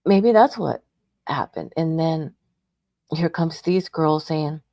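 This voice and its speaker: Gravelly-voiced middle-aged woman telling her story. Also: sits low, animated, slow pace, dark tone, no room sound, studio quality. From Texas, United States. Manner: rambling, emotional, with frequent restarts. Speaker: radio show host sharing a personal story. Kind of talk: candid personal storytelling.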